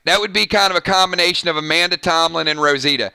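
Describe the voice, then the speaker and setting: A male channel host chatting on a live stream, reading viewer comments, excitable and laughing often, talking straight to his viewers. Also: a little high, quick pace, creaky, smooth, dry recording, clean studio sound.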